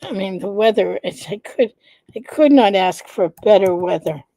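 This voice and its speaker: A congested woman hosting her live vlog in a casual, chatty way, often pausing with "um" and greeting viewers by name. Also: medium pitch, lively intonation, gravelly, mellow, dry recording. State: congested, nasal stuffiness. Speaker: vlog host, founder of an organization. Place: indoors at home.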